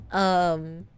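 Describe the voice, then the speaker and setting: A young woman streaming, telling a work story in casual chat, laughing often and filling pauses with ums. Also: fairly low pitch, clean tone, no room sound. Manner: chatty, laughs often, many ums and trailing asides.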